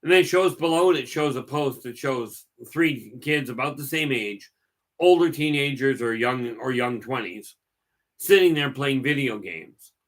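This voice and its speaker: A man's voice: mid-range voice, normal speed. A middle-aged man hosting a livestream, telling stories in a folksy, rambling way and often repeating his words as he goes. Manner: folksy, digressive, repeats words while talking. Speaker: livestream host. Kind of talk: rambling casual storytelling.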